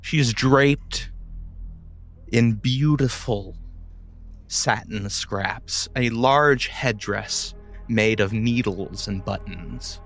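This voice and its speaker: A man narrating as game master of a tabletop game, with slow, dramatic storytelling. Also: lowish voice, fairly bright tone, faint music behind.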